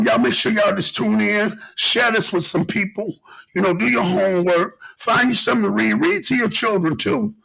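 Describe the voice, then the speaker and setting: A middle-aged man hosts a podcast, riffing in an animated, preachy way and circling back over his points. His voice is high, very gravelly and husky, with a bright, forceful edge, and it swings widely in pitch. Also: low-quality recording. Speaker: podcast host. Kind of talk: casual podcast monologue.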